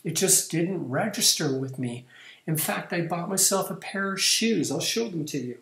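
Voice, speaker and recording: A man's voice: a little high, expressive, normal speed, fairly bright tone. A man hosting his own video channel, talking casually to camera and reading out viewer comments in a wry, playful, self-mocking way. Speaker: vlog host. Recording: echoey room.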